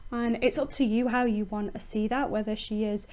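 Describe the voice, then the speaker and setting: A woman's voice: fairly high pitch, steady tone, moderate pace, a little mellow. A woman teacher explaining a poem in a recorded lesson, thinking aloud with frequent ums and restarts.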